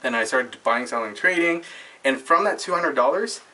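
A young man from Canada telling a long story to camera, excitable, laughing often and acting out his friends' lines. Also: mid-range voice, moderate pace, recorded from a distance, low-quality recording.

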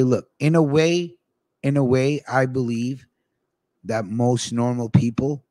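A man's voice: mid-range voice, a little mellow, dry recording. A man hosting a casual podcast, talking in a rambling, profane way. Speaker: podcast host.

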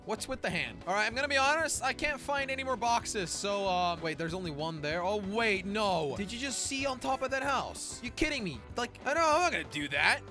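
Young male gaming host, high and lively, jokey and excitable, soft game music underneath. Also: a little fast, hardly any pauses. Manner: excitable, jokey, frequent laughs and shouts. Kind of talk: game commentary.

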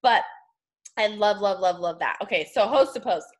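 A woman's voice: medium pitch, normal speed. A young woman leading a casual coaching chat, upbeat and slangy. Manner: chatty, upbeat, slangy, puts on voices when quoting. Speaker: team leader hosting a call.

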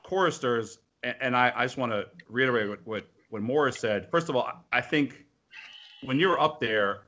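This is a man co-hosting a casual video-call chat among opera singers. His voice is bright and forceful at a middle pitch. He tells stories with lively, profane energy and acts out the lines he quotes. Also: moderate pace. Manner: animated, profane storyteller who acts out quotes.

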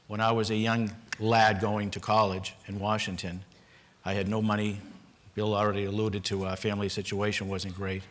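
A man's voice: on the low side, a bit bright. An older man from Boston, a panelist at a public forum, telling a personal story earnestly, with repeated restarts.

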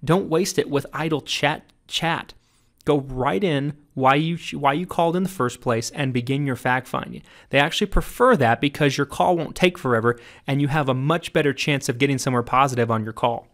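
A man narrating his own sales training audiobook, coaching emphatically and jumping up in pitch on key points. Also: brisk, fairly bright tone.

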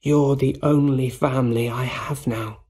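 A man's voice: medium pitch, fairly even intonation, measured pace, warm tone, slightly rough, voice pushed up. A man voicing a grieving, bitter young man in a storybook reading. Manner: sad, bitter.

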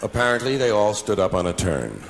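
On a live stage before an audience, a man in his forties does stand-up, sardonic and full of mock-solemn asides. His voice sits on the low side with vocal fry, very animated and fairly quick, in a noisy live recording.

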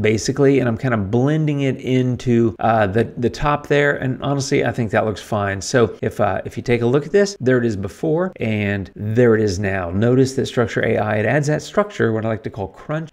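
Tutorial host, male, mid-range voice, relaxed thinking-aloud delivery over a screen recording. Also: medium pitch.

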